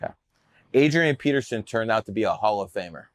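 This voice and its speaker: A man's voice: lowish voice, animated, fast talker, no echo, clean studio sound. A man telling stories in a casual interview, brash, boastful and profane. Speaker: podcast guest telling his story.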